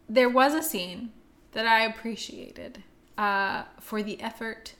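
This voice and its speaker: A woman's voice: on the high side, slow, fairly bright tone. A woman co-hosting a casual film-review chat, chatty and laughing often, with frequent fillers. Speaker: podcast co-host.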